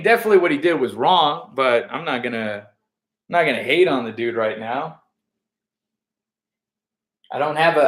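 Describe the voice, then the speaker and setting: A man, a comedian, talking casually on a livestream and reading viewer comments, profane and animated, trash-talking with frequent laughs. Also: a little high, echoey room.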